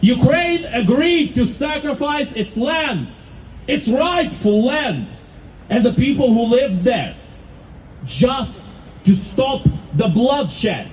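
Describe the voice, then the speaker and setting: A man delivering an impassioned public speech with fervent, rhetorical emphasis and dramatic pauses. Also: extremely high pitch, sing-song, darkish tone, slight background noise, poor audio. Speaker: speaker at a rally.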